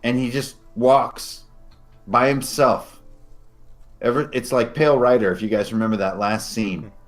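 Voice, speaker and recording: A man as game master, narrating scenes descriptively and slowing down for dramatic moments. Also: medium pitch, steady tone, soft background music.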